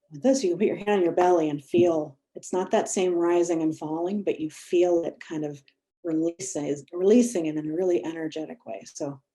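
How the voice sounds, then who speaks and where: A middle-aged woman, a mindfulness and yoga instructor, guiding breathing and chatting gently and self-deprecatingly to a group over a video call. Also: lowish voice. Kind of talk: guided breathing and casual talk to a group.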